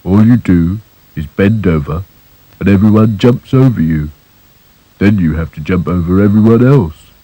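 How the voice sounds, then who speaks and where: A man's voice: lowish voice, very animated, slow, a little mellow, husky, no echo, heavily acted, poor audio. A man voicing a gloomy, clumsy male rag doll in a storybook cartoon, with a glum, sighing manner.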